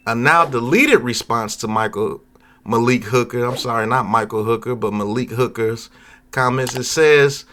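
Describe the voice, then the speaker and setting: Chatty man hosting sports talk. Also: medium pitch. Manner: animated, reacts with drawn-out hums and asides. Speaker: sports talk channel host. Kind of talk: casual sports commentary over clips.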